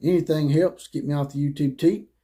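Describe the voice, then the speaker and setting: A man hosts his own sports commentary show and speaks bluntly, swearing and mocking freely. His voice sits a little high, with a mellow, warm tone. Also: steady tone, fairly quick.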